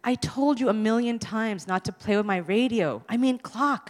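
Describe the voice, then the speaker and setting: A woman doing a shrill scolding big sister. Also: normal speed, close to an everyday voice. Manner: scolding, high and loud. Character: stern teen older sister banging on door. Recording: long hall reverb.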